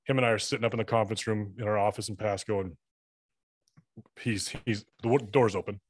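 Fast-talking, cussing salesman guest. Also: fairly low pitch, steady tone, husky. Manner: profane, rambling anecdotes with acted-out dialogue. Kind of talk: casual storytelling chat.

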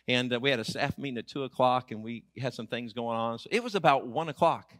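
A man's voice: mid-range voice, quick pace, hardly any pauses, no echo, clean studio sound. A middle-aged man, preaching a sermon in an auditorium through humorous, emphatic personal stories. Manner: animated, humorous, emphatic storytelling. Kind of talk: storytelling sermon.

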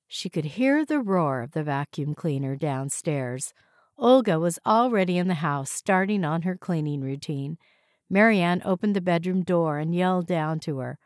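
A woman reading a novel aloud as audiobook narrator in an even, measured way. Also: on the low side, dry recording, studio quality.

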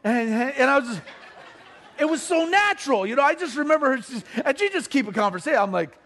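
Animated high-pitched male storyteller. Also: quick pace. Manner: animated, acts out family members' voices. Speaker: storyteller addressing an audience. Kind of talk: comic personal story.

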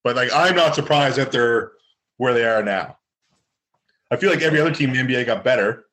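A man from Canada chatting casually about sports, stating strong opinions plainly. He fills his sentences with "like" and keeps a mid-pitched, everyday voice. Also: quick pace, fairly bright tone. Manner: blunt opinions, frequent "like".

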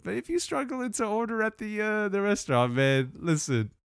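Male podcast co-host, lively pitch, slangy storyteller, dry sound. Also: normal speed, vocal fry, clean tone, no echo. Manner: animated storyteller, laughs often, slangy. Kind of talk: casual chat.

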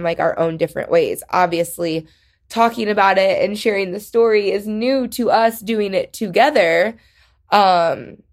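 A young woman hosting her podcast alone, rambling and halting with many fillers, emotional and close to tears. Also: mid-range voice, gravelly. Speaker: podcast host. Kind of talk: casual solo podcast chat.

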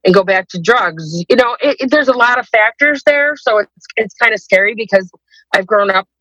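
A woman's voice: a little high, moderate pace, bright, forceful tone, dry recording, low-quality recording. A woman telling her personal story as a guest in a podcast interview, hesitant and rambling, with many restarts.

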